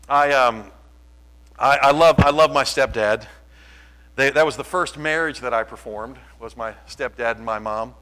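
A man preaching a sermon, impassioned and swinging from quiet to loud. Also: medium pitch, a little slow, poor audio. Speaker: pastor.

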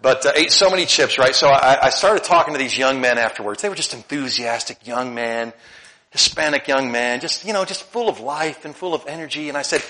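A middle-aged male pastor preaching a sermon, swinging between loud emphatic lines and soft asides. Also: mid-range voice, brisk.

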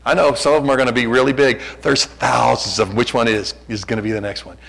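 A man's voice: mid-range voice, fairly even intonation, fast, vocal fry, fairly bright tone, low-quality recording. A middle-aged man preaching a sermon as a pastor, conversational and self-deprecating, often restarting his sentences.

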